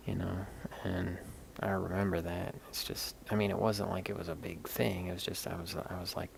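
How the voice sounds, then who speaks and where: A man's voice: deep voice, flat delivery, normal speed, creaky, fairly bright tone, slight background noise. A man rambling candidly in casual live-stream chat while showing stones, swearing now and then. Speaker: livestream host showing stones.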